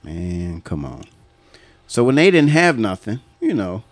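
Lively, laughing man telling a story. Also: fairly low pitch, measured pace, no echo. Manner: animated, profane, laughing often. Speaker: podcast host. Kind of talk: casual storytelling chat.

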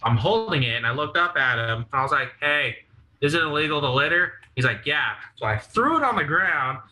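A man's voice: on the high side, animated, fairly quick, pushed and bright, a little hiss or hum, low-quality recording. A young man casually telling rowdy stories, swearing freely and acting out what people said. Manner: profane, laughing storyteller acting out quotes. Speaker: podcast guest. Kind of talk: casual storytelling.

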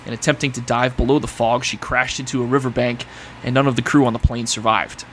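A man's voice: medium pitch, flat delivery, quick pace, slight background noise. Man reading history on a podcast. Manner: reads facts aloud, then riffs and laughs. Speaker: podcast host presenting history. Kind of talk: casual podcast chat.

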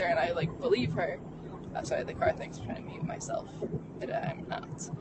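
Halting young adult talking in a car. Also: medium pitch, big pitch swings. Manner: halting, heavy on fillers, frequent restarts. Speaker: vlogger. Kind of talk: candid personal storytelling. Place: inside a car. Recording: vehicle noise behind. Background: car road noise.

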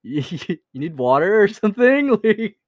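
Young guy podcasting, slangy fast chatter, dry close sound. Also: high-pitched, sing-song, no room sound, lo-fi sound. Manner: slangy, laughs often, rapid bursts. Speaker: podcast co-host. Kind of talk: casual chat.

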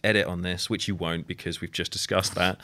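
Co-host, deep-voiced man with a bright edge, wry and sweary. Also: little pitch movement, brisk. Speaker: podcast co-host. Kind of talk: casual chat.

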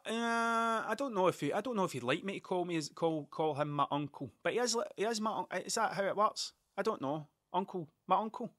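A man's voice: sits high, bright, forceful tone, no echo, clean studio sound. A Scottish man in his thirties, telling stories in a casual, rambling way, often swearing and interrupting himself. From Scotland. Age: 30s. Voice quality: sweary, digressive, self-interrupting. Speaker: vlogger.

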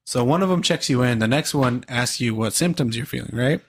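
Casual young man, mid-pitch, loose profane storyteller among friends. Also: brisk, husky. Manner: profane storytelling, laid-back slang. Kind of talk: casual chat.

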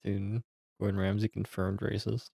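A young man bantering on a podcast, quick to laugh and poke fun at himself. His low voice has a gravelly edge but stays smooth. The sound is dry and close. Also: level tone, dark tone, no echo. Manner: laughing, self-mocking banter. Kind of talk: casual chat.

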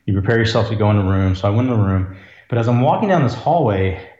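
Man, low voice, earnest reflective storyteller; roomy, dull lo-fi recording. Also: expressive, fast, a little mellow. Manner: earnest, reflective, emotional at times. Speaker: ER physician, podcast guest. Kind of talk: conversational storytelling.

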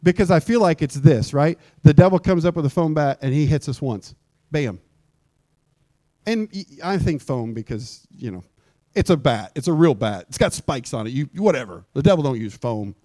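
A man preaching a sermon in a church, animated, acting out little scenes with shouts and mock voices. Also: a little high, normal speed, no echo, clean studio sound. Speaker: pastor. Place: church sanctuary.

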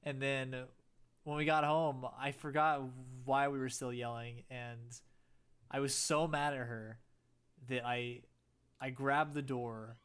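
A man's voice: medium pitch, fairly even intonation, slow pace, fairly bright tone, clear, resonant tone. Young man rambling in casual chat. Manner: laid-back, rambling storytelling with many fillers.

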